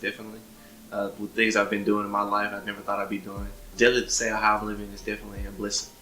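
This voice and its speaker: Man in his 20s, low and flat delivery, conversational storyteller. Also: very fast, echoey room, soft background music, rough recording. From Memphis, Tennessee. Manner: conversational, acts out others' words, frequent "you know". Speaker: interviewee telling his story. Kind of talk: personal storytelling interview.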